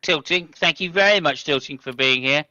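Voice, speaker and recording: A man's voice: on the high side, moderate pace, sharp tone, dry recording, lo-fi sound. A man hosting a casual comedic racing commentary podcast, rambling and joking with playful stutters. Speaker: podcast host.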